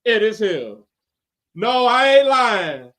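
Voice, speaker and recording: High-voiced man hosting a laid-back podcast. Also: slow pace. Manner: animated, laughing, mimics voices in retellings. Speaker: podcast host. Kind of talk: casual wrestling podcast chat.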